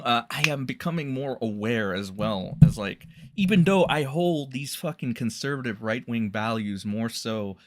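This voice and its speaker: A man on a livestream, rambling through a rant with lots of swearing and sarcasm. His voice sounds bright and sharp, and his pitch sits in a middle range. He speaks straight to his viewers. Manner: rambling, profane, sarcastic ranting. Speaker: streamer.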